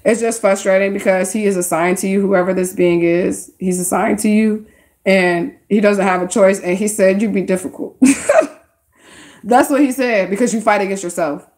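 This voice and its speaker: A woman's voice: medium pitch, steady tone, moderate pace, darkish tone. A woman giving casual tarot readings on a live stream, speaking straight to her viewers in a chatty, slangy way. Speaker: livestream tarot card reader.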